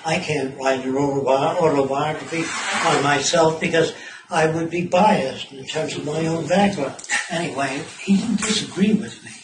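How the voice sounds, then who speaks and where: A man's voice: fairly high pitch, normal speed. Blunt man talking in an echoey room. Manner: blunt, profane, storytelling with asides. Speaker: speaker addressing visitors. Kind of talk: informal talk to a small group. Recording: echoey room, mic far off, clear background noise.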